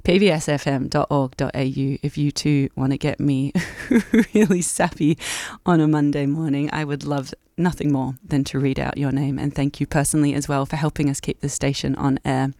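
A woman's voice: deep voice, steady tone, moderate pace, no echo. Australian woman breakfast radio host, chatty and emotional, dry close studio mic. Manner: warm, chatty, laughs often, emotional. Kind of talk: casual on-air chat. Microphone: studio microphone.

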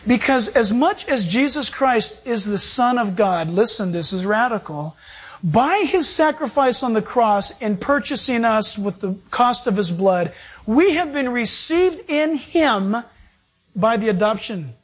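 A man preaching a sermon as pastor, animated and acting out quoted voices. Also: high voice, measured pace, breathy edge.

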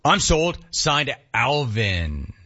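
Speaking very slowly at a medium pitch, this male radio host reads listener emails on air and riffs animatedly, sounding mock-incredulous. The audio is dull.

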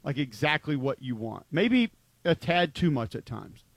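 A male co-host of a football talk show chats casually about sports in a mid-range voice with big pitch swings, a measured pace, and vocal fry. He rambles emphatically, using "like" a lot, with no room sound in the recording.

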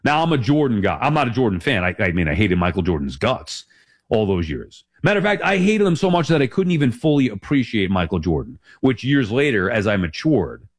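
Animated man hosting sports talk. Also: fairly low pitch, a little fast. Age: 40s. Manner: rambling, emphatic, self-correcting. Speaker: sports talk show host.

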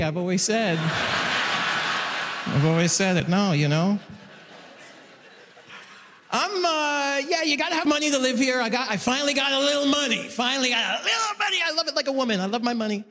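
A man performing a loud, animated stand-up comedy set in a large concert hall, acting out characters in his stories. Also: extremely high pitch. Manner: animated, loud jokey delivery with voiced characters. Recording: live hall recording with reverb. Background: audience laughter.

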